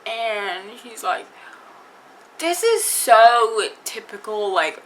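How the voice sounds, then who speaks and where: A woman's voice: medium pitch, animated, slow pace, music in the background, poor audio. A woman vlogger telling a personal story to camera in a chatty way, full of fillers and acted-out quotes. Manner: chatty, lots of fillers, acts out quoted dialogue. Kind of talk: casual storytime vlog.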